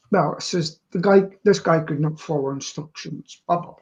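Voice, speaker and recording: Brief: woman panelist telling animated stories, playing every part, on muffled video call audio. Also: mid-range voice. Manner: animated anecdote teller who acts out both sides of dialogue. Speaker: regular panelist on a live stream. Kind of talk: casual storytelling.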